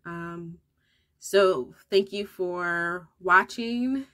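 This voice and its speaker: A woman's voice: fairly low pitch, drawn-out words, a bit bright. Chatty young mother telling a personal story. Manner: personal storytelling to viewers, with fillers and restarts. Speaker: homeschooling mother and vlogger. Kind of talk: casual get-ready-with-me vlog chat.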